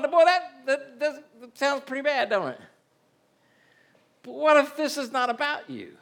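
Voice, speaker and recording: A man's voice: very high voice, big pitch swings, measured pace, gravelly, long pauses, a bit bright. A man preaching a sermon in a church, folksy and conversational, often asking the congregation rhetorical questions. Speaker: pastor.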